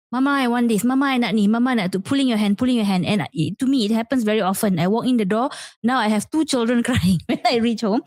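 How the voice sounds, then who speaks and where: A woman's voice: medium pitch, a little mellow, no echo, clean studio sound. A Malaysian woman, a parent and teacher, co-hosting a casual podcast chat and mixing in Malay as she reenacts home scenes. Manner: switches between English and Malay mid-sentence, reenacts scenes.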